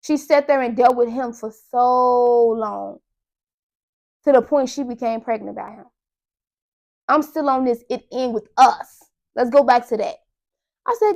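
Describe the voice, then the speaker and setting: A young adult woman hosting a podcast, telling a story in a casual, animated monologue and talking straight to her listeners. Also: on the high side, unhurried, gravelly, pauses often. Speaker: podcast host.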